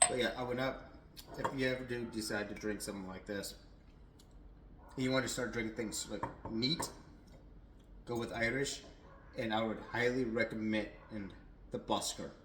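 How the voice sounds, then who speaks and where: A man's voice: lowish voice, fairly even intonation, normal speed, pauses often, a bit bright, roomy sound, slight background noise, poor audio. A young adult man giving a casual, rambling whiskey tasting review at home, a little tipsy, with lots of fillers and restarts.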